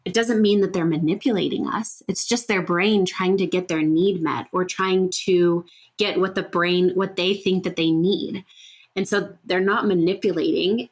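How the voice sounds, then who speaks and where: A woman hosting a solo podcast, talking earnestly and conversationally, thinking aloud with fillers and rhetorical "right?" checks. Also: medium pitch. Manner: earnest, explanatory. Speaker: podcast host. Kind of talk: casual solo podcast talk.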